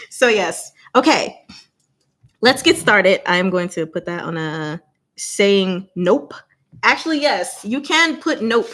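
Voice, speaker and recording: A young woman hosting a casual livestream, chatting with viewers, speaking slowly and deliberately and laughing often. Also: medium pitch, fairly bright tone. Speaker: channel host.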